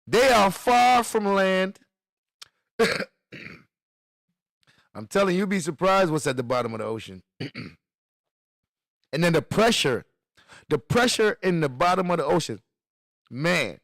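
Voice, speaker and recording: A man's voice: high-pitched, sing-song, a little slow, long pauses, fairly bright tone, no echo. A man streaming live, reacting to news with loose, laughing slang banter aimed at his chat.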